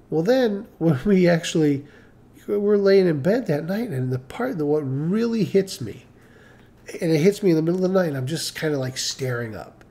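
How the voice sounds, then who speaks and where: A middle-aged man hosts a live stream, telling a personal story in a loose, rambling way. His voice is warm and mellow, and he often repeats himself. He briefly mimics the people he quotes. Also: on the high side, animated, normal speed. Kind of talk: casual storytelling.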